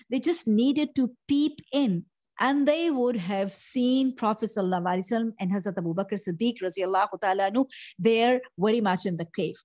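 A woman's voice: a little high, a little mellow. A middle-aged woman teaching a Quran lesson in English, explaining verses and mixing in Arabic phrases.

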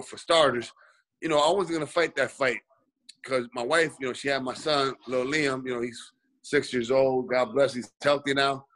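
Bright-voiced man telling a story. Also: mid-range voice, poor audio. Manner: rambling, many "you know" fillers. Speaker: guest boxer. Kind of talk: casual storytelling in a video-call interview. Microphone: video call.

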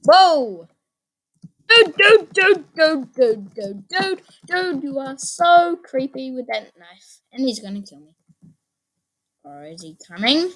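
Pitched high and taking things slowly, a woman gives excitable let's play commentary on her own gaming channel. She tends to repeat phrases and let out sudden yelps.

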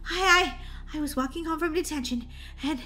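A woman voicing an excitable, goofy schoolgirl who stammers and panics in a roleplay voiceover for a game video. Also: high-pitched, fairly quick. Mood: panicky. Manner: stammering, breathless and jumpy.

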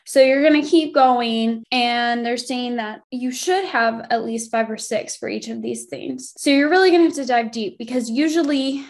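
A young woman with a fairly high voice explains a spiritual study lesson in a relaxed, conversational way. She thinks out loud as she goes, rewording her sentences with plenty of "um"s and self-corrections. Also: moderate pace, hardly any pauses. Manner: thinks aloud, rephrasing with frequent "um" and self-corrections. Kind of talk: informal workbook lesson walkthrough.

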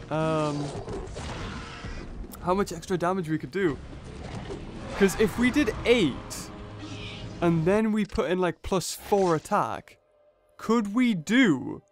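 A young man commentates on his game in a high, lively voice that leaps up and down with every turn. He reasons through each move aloud and breaks into excited exclamations. Soft game music plays quietly behind him. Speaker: gaming channel host. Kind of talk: let's play commentary.

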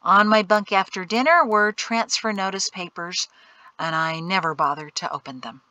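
A woman reading a calm male guide. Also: high-pitched, moderate pace, dry recording, poor audio. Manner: steady, explanatory.

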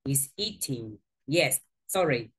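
Lively woman teaching English. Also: very deep voice, slightly rough. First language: Spanish. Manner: slow, patient explaining with lively emphasis. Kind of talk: online grammar lesson. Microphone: video call.

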